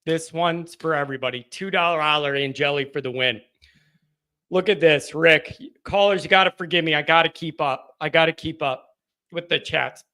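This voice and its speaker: A man hosting a live postgame fan call-in stream, talking emotionally and excitably and sometimes shouting. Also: on the high side, moderate pace. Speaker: host of a fan call-in show.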